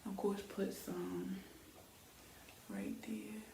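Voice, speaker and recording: A woman's voice: medium pitch, little pitch movement, extremely slow, vocal fry. Chatty young woman in an echoey room. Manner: chatty, rambling, lots of fillers. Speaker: beauty vlogger. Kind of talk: casual chat while styling hair. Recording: echoey room, faint background hiss.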